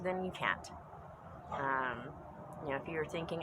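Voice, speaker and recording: A woman's voice: on the low side, animated, moderate pace, background noise. A woman giving a casual spoken reflection as a pagan spiritual vlogger at home, earnest and rambling, repeating phrases for emphasis and trailing off into asides. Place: home basement room.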